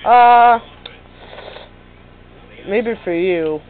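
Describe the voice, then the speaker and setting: A man's voice: sits high, drawn-out words. A teenage boy commentating on a basketball video game with his friend, teasing in a dry, sarcastic way. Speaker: gaming commentator. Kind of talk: casual gameplay commentary. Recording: tinny, phone-like sound.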